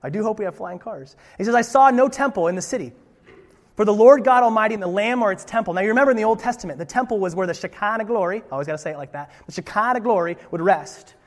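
A man's voice: sits high, quick pace, in a large hall. A man preaching as pastor, reading scripture and breaking into playful, conversational asides. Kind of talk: sermon.

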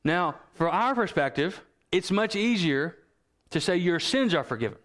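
Reading aloud from scripture and stories, a male pastor delivers his sermon earnestly and with animation. His voice is a bit bright and slightly higher than typical, dropping low and slowing whenever he emphasizes a point.

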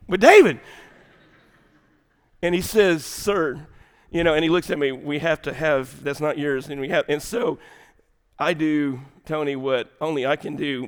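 A man, preaching an animated sermon full of comic stories, swinging from shouts to hushed lines. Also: fairly high pitch. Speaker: pastor.

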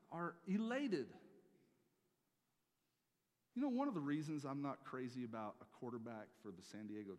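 A man preaching a sermon as pastor, swinging between loud emphatic peaks and quiet asides. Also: mid-range voice, big-room sound.

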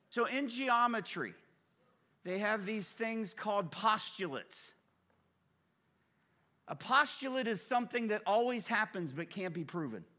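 High-voiced, bright male preacher. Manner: dramatic, swings from hushed asides to shouting; humorous, conversational storytelling. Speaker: guest preacher. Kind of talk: sermon.

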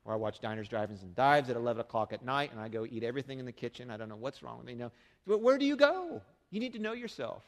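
A man's voice: medium pitch, animated, racing, hardly any pauses. Middle-aged male pastor preaching in a hall. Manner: conversational preaching with rhetorical questions. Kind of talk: sermon. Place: church sanctuary.

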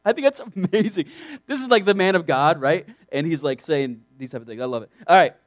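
A man's voice: on the high side, expressive, fairly quick, no echo. A man preaching a sermon to young people, reading scripture aloud and breaking off into emphatic asides, with frequent restarts. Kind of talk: sermon to a youth group.

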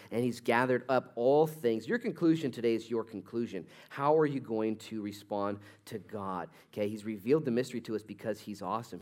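A man's voice: fairly low pitch, darkish tone. A middle-aged man preaching a sermon in a church, mixing jokes and asides into his teaching. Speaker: pastor. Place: church sanctuary.

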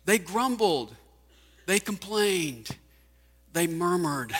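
A man's voice: fairly high pitch, a little slow, sharp tone. A man preaching a sermon, firing off rhetorical questions with emphasis. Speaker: pastor. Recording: hall reverb.

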